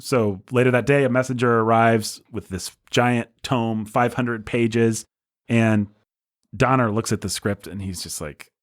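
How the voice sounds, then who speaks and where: A man's voice: mid-range voice, steady tone, measured pace, no echo, clean studio sound. A man hosting a podcast, telling film history as a casual, enthusiastic storyteller. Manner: enthusiastic storyteller, breezy and conversational. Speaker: podcast host.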